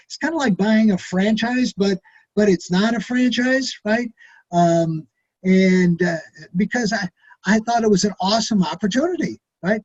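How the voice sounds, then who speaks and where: A man's voice: sits high, moderate pace, darkish tone, dull audio. A middle-aged man leading a direct sales training, folksy and urging, who acts out sample phone calls to friends.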